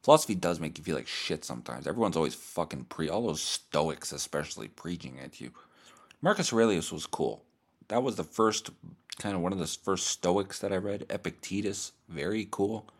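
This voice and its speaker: This low-voiced man hosts his podcast from bed at home, talking at a normal speed on a cheap or built-in mic instead of a proper microphone. His crude comedic monologue is animated, profane, sardonic and rambling.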